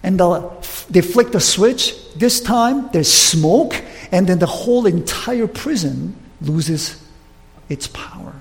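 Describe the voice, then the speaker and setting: Man, preacher, sermon storytelling, high gravelly voice, long hall reverb. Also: takes it slowly. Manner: animated retelling with acted quotes, frequent restarts.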